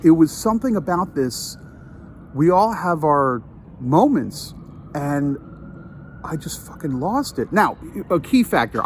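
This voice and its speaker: A man telling a story outdoors, exasperated and animated, voice swinging widely up and down, constantly cutting himself off. Faint outdoor noise sits behind him, and his voice is a touch higher than most men's. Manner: animated, exasperated, self-interrupting. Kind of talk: casual storytelling vlog. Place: outdoors near a train line.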